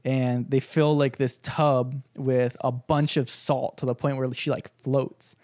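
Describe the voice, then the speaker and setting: A man telling stories on a casual podcast, animated and crude, breaking into laughter often. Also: medium pitch, a little slow, no echo. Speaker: podcast co-host. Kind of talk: casual storytelling chat.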